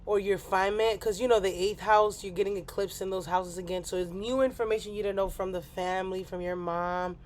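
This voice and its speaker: A woman's voice: mid-range voice, fairly even intonation, a little fast, hardly any pauses, a little mellow. Rambling woman hosting a livestream. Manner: rambling, playful, apologetic asides. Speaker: astrology livestream host. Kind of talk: casual livestream chat.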